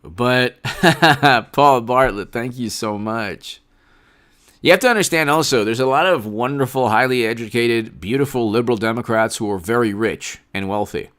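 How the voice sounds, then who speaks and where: A man's voice: mid-range voice, moderate pace, a bit bright. A man hosting a political commentary livestream, talking in a sarcastic, rambling way.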